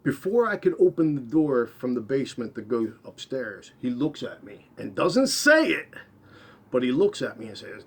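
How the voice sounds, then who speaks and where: A man telling a first-person story, rambling, repeating and correcting himself, his voice trailing off quietly at the end of phrases. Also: mid-range voice, very animated, moderate pace, gravelly, slightly rough.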